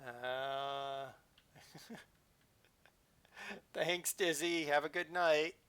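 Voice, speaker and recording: A man's voice: a little high, very slow, fairly bright tone, clear, resonant tone. A man hosting a live game stream, chatting casually and joking around as he plays. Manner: playful, jokey, chatty. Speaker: livestream host.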